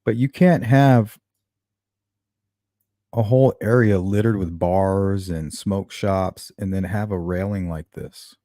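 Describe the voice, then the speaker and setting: A man with a somewhat low, warm voice hosts a live true-crime stream. He speculates aloud in a relaxed, conversational way and stops to greet viewers by name. The sound is dry and close, with no room around it. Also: slow pace, no echo. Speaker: host of a true-crime livestream. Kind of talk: casual live commentary.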